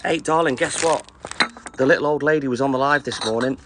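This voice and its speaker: A man's voice: medium pitch, a little fast, background noise. A middle-aged man on his milk round, chatting casually with live-stream viewers and greeting them by name. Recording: music playing loudly behind.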